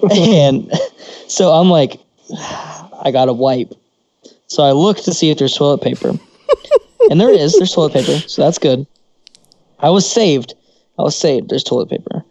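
A man's voice: fairly high pitch, expressive, normal speed, gravelly, long pauses, darkish tone, no room sound, low-quality recording. A man co-hosting a podcast, telling crude stories casually, swearing freely and laughing often. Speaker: podcast co-host.

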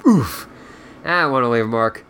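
A man's voice: medium pitch, expressive, normal speed, fairly bright tone, a little hiss or hum, lightly acted. A man reading a smug, sly teenage boy. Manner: smug, teasing.

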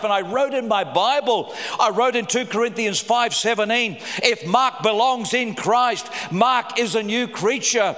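A middle-aged pastor preaches with passion, his voice sitting high for a man. He rises to loud, fervent cries, then drops low and quiet. The sound carries a long live reverb from a big church hall. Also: moderate pace, few pauses. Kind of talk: sermon.

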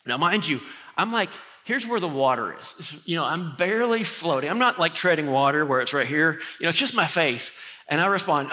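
A middle-aged male pastor preaching a sermon, telling a personal story with animated, self-deprecating humor. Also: high-pitched, normal speed.

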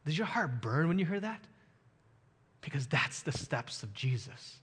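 Bright-voiced male pastor preaching in a hall. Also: fairly high pitch, big pitch swings, measured pace, husky. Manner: earnest storytelling, building to emphatic rhetorical questions. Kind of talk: sermon.

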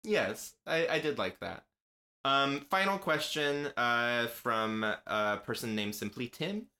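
A man's voice: mid-range voice, expressive, takes it slowly, pushed and bright. A young adult man co-hosting a casual podcast, chatting with lots of fillers and frequent laughter. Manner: laughs often, hesitant with fillers. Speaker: podcast co-host. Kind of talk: casual chat.

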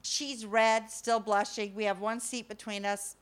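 A middle-aged woman telling a funny personal story to an audience, animated and self-mocking, swinging from loud to hushed. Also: mid-range voice, unhurried, hardly any pauses, smooth.

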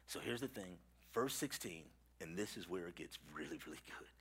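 A middle-aged male pastor delivers a sermon, alternating between loud appeals to the congregation and quiet, intense passages, frequently repeating words. His voice is low-pitched and slightly rough, and he speaks animatedly at a somewhat quick pace.

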